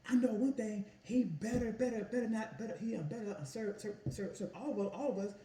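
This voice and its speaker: A whiny young woman stumbles over her own complaint, as a man mimics her in a high, pinched voice. Her voice echoes in a roomy kitchen, picked up from some distance away, with faint household noise behind. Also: a little fast, dark tone. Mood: whining. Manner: whining, stammering.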